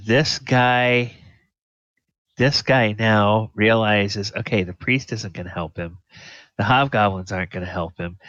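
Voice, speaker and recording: A man narrating a tabletop game as dungeon master, unhurried and halting with fillers. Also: lowish voice, a bit bright, no room sound, muffled recording.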